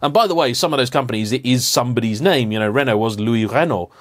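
A man hosting a car vlog, giving an animated, emphatic, playfully indignant rant to camera. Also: medium pitch, fast talker. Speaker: car vlogger host.

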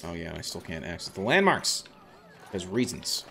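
A man's voice: low voice, very animated, moderate pace, creaky, sharp tone, a little hiss or hum. A man streaming a video game, chatting casually and rambling with many restarts and self-corrections. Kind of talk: casual gameplay commentary.

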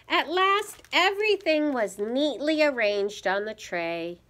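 A woman reading a picture book aloud to young children, pausing to ask them gentle teacherly questions. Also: high-pitched, very animated. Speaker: storyteller for children.

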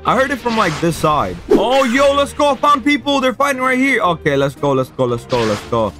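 A young man commentating his own gameplay in a high, lively voice that leaps from low mutters to loud, exasperated outbursts. Loud game music plays clearly under his desk-mic recording. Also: a little fast. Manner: excitable, swings between flat mutters and frustrated shouts. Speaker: gaming YouTuber.

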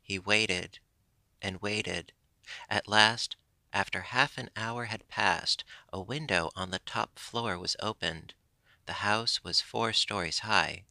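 A man reading a classic children's story aloud as narration, steady and expressive. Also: fairly low pitch, vocal fry, no echo. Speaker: audiobook reader.

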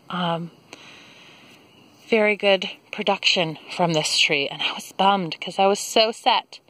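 A woman's voice: mid-range voice, a bit bright, no room sound. A young woman giving a casual garden tour outdoors, talking into a handheld camera mic, with her breathing audible as she walks. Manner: chatty, enthusiastic about plants. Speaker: garden vlogger.

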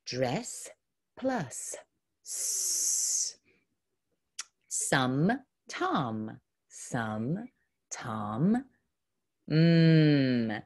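A woman teaching young children an online phonics lesson, sounding out words slowly and clearly in an upbeat, encouraging way. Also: low voice, very animated. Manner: slow, clear, exaggerated word modeling. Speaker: kindergarten teacher.

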